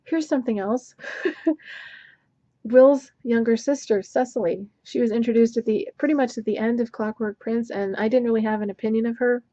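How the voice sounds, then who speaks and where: A woman's voice: on the high side, fairly even intonation, normal speed, mellow, no room sound, dull audio. A woman giving a casual book review, exasperated and sarcastic as she rants. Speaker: book vlogger.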